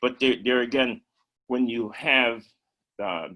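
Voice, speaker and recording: Older man, ex-player turned coach, halting conversational delivery with repeated words and throat-clearing. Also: mid-range voice, pushed and bright, rough recording. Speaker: former major league player and coach. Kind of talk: conversational interview.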